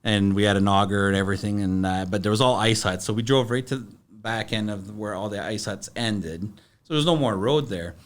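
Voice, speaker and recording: A middle-aged man, a podcast guest, telling stories in a halting, plain-spoken way full of fillers and restarts. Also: fairly low pitch. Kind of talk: casual storytelling.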